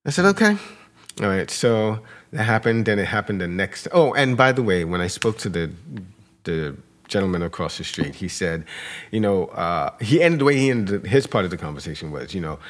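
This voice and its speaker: A man's voice: sits low, expressive, moderate pace. A man co-hosting a podcast, animatedly retelling a dispute with a neighbor and acting out both sides. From New York area. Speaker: podcast co-host. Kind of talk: storytelling in casual chat.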